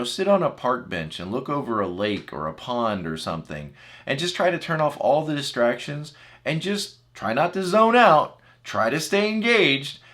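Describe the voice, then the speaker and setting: A man's voice: medium pitch, fairly bright tone. A man coaching his viewers in an earnest, encouraging talk, repeating phrases for emphasis. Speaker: enneagram coach. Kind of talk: motivational talk to camera.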